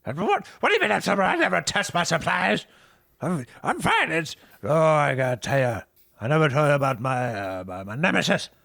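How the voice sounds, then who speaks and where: A man's voice: fairly high pitch, very animated, fairly quick, gravelly, bright, forceful tone, no echo, clean studio sound, voice pushed up, exaggerated voice. A man voicing a paranoid male tavern brewer who screams and rants about a rival. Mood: ranting. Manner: screaming, ranting, frantic.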